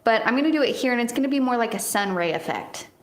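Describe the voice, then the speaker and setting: A woman in her thirties chatting warmly through a painting lesson, encouraging and quick to laugh. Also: a little high, lively intonation, reverberant. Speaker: art teacher. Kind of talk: casual painting tutorial.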